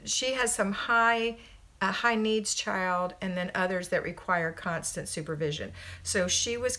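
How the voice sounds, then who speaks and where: A chatty middle-aged American woman talking to viewers on a live stream from her home. She keeps an upbeat, friendly manner, reading off names and giving practical household tips, her pitch sitting in an ordinary middle range. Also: a bit bright. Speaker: homemaking coach and livestream host. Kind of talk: casual live-stream chat, greeting viewers then giving advice.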